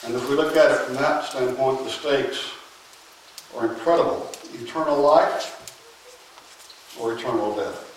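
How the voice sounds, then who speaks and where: A man preaching a sermon in a church, emphatic and unhurried, pausing long and often dropping to a quiet voice. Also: mid-range voice, fairly even intonation, a little hiss or hum. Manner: emphatic, with long pauses and sudden drops to a quiet voice. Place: church sanctuary. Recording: very echoey church, mic at a distance.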